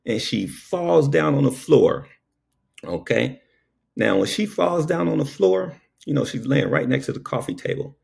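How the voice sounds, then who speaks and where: A man's voice: medium pitch, animated, a little slow, vocal fry, a little mellow, husky. A man who works as a paramedic, telling a story in a casual, preachy monologue and tagging his lines with "okay?".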